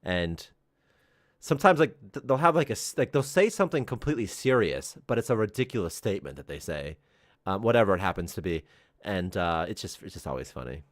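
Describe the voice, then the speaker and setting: Lively, rambling man with a lowish voice. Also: fairly quick, no echo, clean studio sound. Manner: rambling, animated storytelling with frequent laughs. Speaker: game developer co-hosting a dev stream. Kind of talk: casual chat on a live stream.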